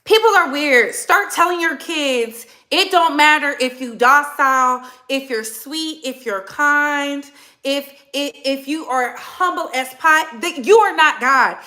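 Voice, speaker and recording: A woman with a high, bright voice delivers a heated commentary monologue. She speaks bluntly and hammers her points home by repeating phrases. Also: unhurried. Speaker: commentary channel host.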